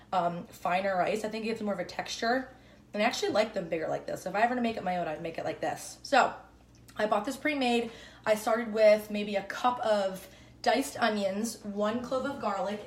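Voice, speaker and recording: A woman's voice: mid-range voice, distant mic. A young woman hosting a home cooking video, chatting casually and upbeat as she walks through a recipe and corrects herself as she goes. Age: young adult. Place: home kitchen. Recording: roomy kitchen sound from off-mic.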